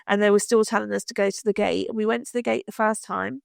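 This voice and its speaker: A woman co-hosting a podcast, telling a story in animated casual chat, swearing freely and acting out the people she quotes. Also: mid-range voice, fast, gravelly, no echo, clean studio sound. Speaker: podcast co-host.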